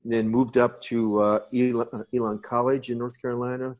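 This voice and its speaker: A man's voice: medium pitch, little pitch movement, a little fast, a little mellow, lo-fi sound. A man in his sixties from the United States, a podcast guest telling long rambling stories about his past. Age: 60s. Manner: rambling reminiscing storyteller. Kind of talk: casual interview.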